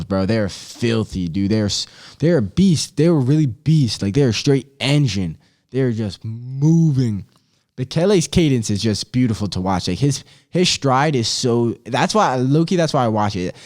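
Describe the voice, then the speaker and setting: A man's voice: mid-range voice, darkish tone. Slangy, rambling young man podcasting. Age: 20s. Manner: slangy, loose and rambling, heavy on "bro" and "dude"; swears freely. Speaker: podcast host. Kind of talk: casual podcast chat.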